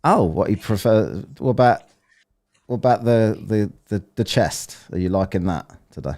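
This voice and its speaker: A man's voice: fairly low pitch, moderate pace. A man with an English accent hosting a casual panel chat, swearing freely, teasing his guests and telling stories. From England. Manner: swearing, teasing, lively storytelling.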